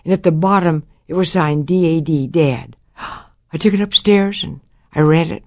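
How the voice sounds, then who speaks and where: A woman's voice: low voice, normal speed, darkish tone, dry recording, studio quality. An older woman giving a Christian testimony about her life, telling it dramatically and acting out the voices of the people in her story.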